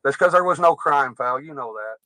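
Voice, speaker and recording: A man's voice: fairly high pitch, expressive, fairly quick, pushed and bright, no echo, rough recording. A man from Illinois arguing indignantly with a police officer outdoors, insisting he did nothing wrong. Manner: argumentative, indignant. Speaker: bystander questioned by police.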